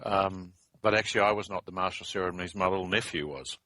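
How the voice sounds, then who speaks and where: A man co-hosting a talk radio show, chatting in relaxed, offhand banter. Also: deep voice, fast, dry recording. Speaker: co-host. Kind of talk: casual banter.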